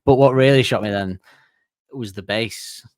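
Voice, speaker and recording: Male co-host, excitable and sweary, dry close mic. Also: medium pitch, unhurried, no room sound. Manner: excitable, swearing, laughs a lot. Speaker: podcast co-host. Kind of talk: casual music podcast chat. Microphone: podcast microphone.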